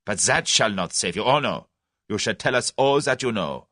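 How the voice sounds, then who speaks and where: An actor voicing a cold, commanding German conspirator with a clipped, threatening delivery. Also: male voice, fairly low pitch, animated, normal speed, bright, forceful tone, dry recording, clean studio sound.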